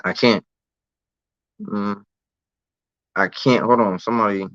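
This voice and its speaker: A man's voice: lowish voice, steady tone, slow, fairly bright tone, no room sound. A man, telling a candid story as a podcast guest in streetwise slang. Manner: streetwise slang, often adds "you know what I'm saying". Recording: dull, dry lo-fi recording.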